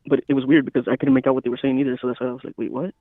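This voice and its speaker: A man's voice: medium pitch, flat delivery, very fast, dry recording. A man telling a rambling story in casual podcast chat, often quoting himself, as a guest calling in by phone. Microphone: phone call. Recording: tinny phone line.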